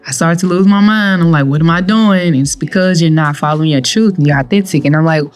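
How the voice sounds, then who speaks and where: A young adult woman, a guest on an interview podcast, telling her own story in an animated way. She acts out what she and others said, and often laughs as she goes. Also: low-pitched, fast, smooth. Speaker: guest, cannabis entrepreneur with a pharmacy doctorate.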